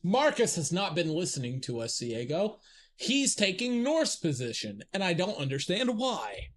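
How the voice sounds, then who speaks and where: A man live-streaming a video game, talking in a rambling, profane, excitable way and laughing often. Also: sits high, moderate pace, slight background noise. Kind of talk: live gameplay stream chat.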